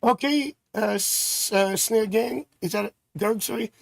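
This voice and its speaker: A man from Canada hosting a live tarot stream, chatting with viewers and thinking out loud as he reads cards. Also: high-pitched, unhurried, creaky, no echo. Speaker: tarot reader and livestream host.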